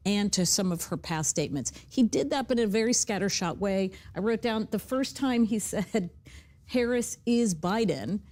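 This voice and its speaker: A woman political analyst giving measured panel commentary. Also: mid-range voice, expressive, darkish tone.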